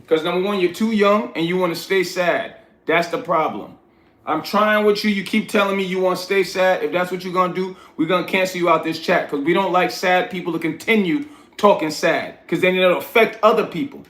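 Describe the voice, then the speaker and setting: In an echoey, roomy room, a New York livestream host reads his chat aloud and lectures it bluntly in casual fashion. His high-pitched, somewhat bright voice moves a little fast.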